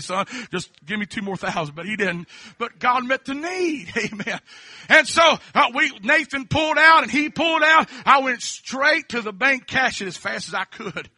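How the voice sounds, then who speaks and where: A man preaching a folksy testimony sermon, dotting his story with amens and swinging between quiet talk and shouting. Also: very high-pitched, moderate pace, no echo, clean studio sound. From Kentucky.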